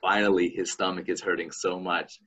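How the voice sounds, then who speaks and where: Animated man telling a folk tale. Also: low voice, husky. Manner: animated, halting, with many restarts. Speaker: podcast host. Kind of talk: casual chat and folk storytelling.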